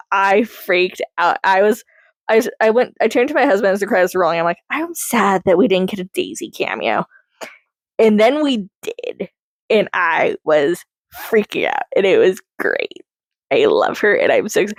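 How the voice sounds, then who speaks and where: A young woman rambling casually through a movie review, chatty and excitable, laughing often. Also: medium pitch, no echo.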